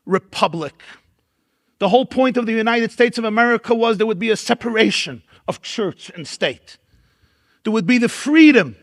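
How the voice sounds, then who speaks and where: A man's voice: extremely high pitch, a bit bright. A man with a Brooklyn accent delivering a keynote lecture as a rabbi, speaking with dramatic oratory and emphatic repeated lists. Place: large event hall at a dinner.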